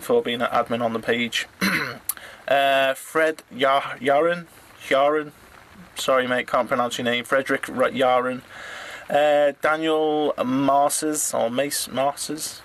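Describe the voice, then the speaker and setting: A middle-aged man from England thanking his online community, halting with many fillers and stumbling over names. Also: medium pitch, fairly bright tone. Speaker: drone hobbyist vlogger. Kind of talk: casual thank-you message to viewers.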